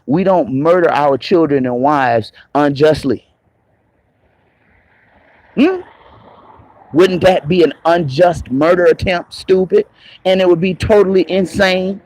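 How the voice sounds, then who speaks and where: Raspy man ranting on a stream. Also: a little high, a little mellow, no room sound, rough recording. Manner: confrontational, profane, mocking. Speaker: online commentator. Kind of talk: live-streamed rant. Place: moving around on the go, patchy signal.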